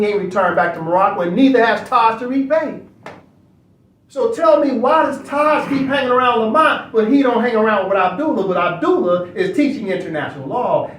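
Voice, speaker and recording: A man with a very high voice hosts a study session and lectures in a casual, preachy way. He keeps circling back with rhetorical questions. He sits well back from the mic in a room that rings with echo. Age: adult. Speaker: online study session host. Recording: echoey room, far from mic.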